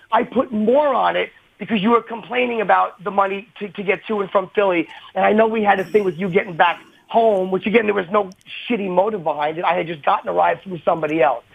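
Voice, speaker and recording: A middle-aged man argues by phone in a raised, exasperated back-and-forth, interrupting and defending himself. His voice sits high and sounds raspy and gravelly. The call comes through thin and tinny. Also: a little fast, few pauses. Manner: defensive, exasperated, talks over the other man. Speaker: comedian calling in. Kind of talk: heated on-air argument.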